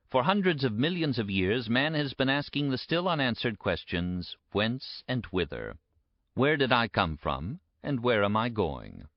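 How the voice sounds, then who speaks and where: A man giving a measured, emphatic audiobook narration. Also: lowish voice, no echo. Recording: dry, dull lo-fi recording.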